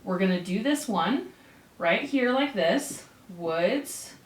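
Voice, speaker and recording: A woman's voice: medium pitch, expressive, takes it slowly, a little hiss or hum. A woman teacher giving a casual grammar lesson, chatty and playful, with asides to her students. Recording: echoey room.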